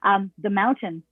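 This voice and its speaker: A woman's voice: mid-range voice, husky, dry recording. An older woman, a guest songwriter and author, talking reflectively in a rambling way with many restarts. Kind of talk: casual interview chat. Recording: dry, tinny phone-like line.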